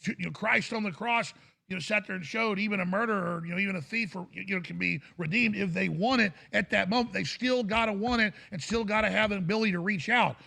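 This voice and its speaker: A man hosting a talk show, ranting fervently and bursting into shouted impressions. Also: high-pitched, quick pace, creaky. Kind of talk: impassioned talk show rant.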